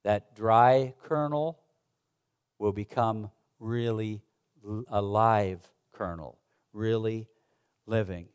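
A man, a pastor, preaching a sermon in a halting, conversational way with many restarts, reading old-fashioned scripture aloud. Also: on the low side, smooth.

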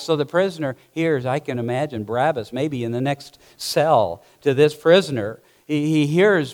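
A man's voice: a little high, normal speed, hardly any pauses, darkish tone. A man preaching a sermon, telling the story dramatically and acting out the scenes himself.

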